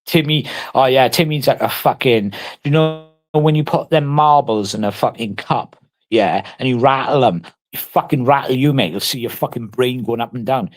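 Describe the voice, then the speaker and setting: A man on a casual livestream, taunting and mock-threatening someone in crude, heavily sworn banter. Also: mid-range voice.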